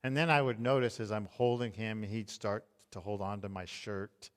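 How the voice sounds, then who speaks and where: A middle-aged man preaching a tender, hushed sermon as pastor. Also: fairly low pitch, steady tone, long reverb tail. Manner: slow, tender, hushed delivery.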